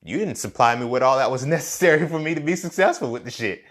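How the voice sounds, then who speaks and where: Fast, animated and fairly bright in tone, this young man's mid-range voice carries a casual motivational monologue on his podcast. He tells a story full of swearing and repeatedly asks "you feel me."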